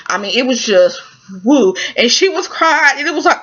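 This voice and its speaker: Woman, fairly high voice, chatty drama recap, animated and emotional, informal with fillers, muffled lo-fi sound. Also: normal speed, breathy edge. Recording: muffled lo-fi recording.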